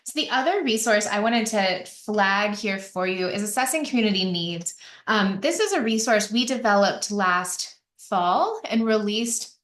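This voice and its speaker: A woman's voice: medium pitch, animated, unhurried, fairly bright tone. A woman giving a conversational webinar presentation, with frequent fillers and restarts. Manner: chatty, many fillers and restarts. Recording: echoey room.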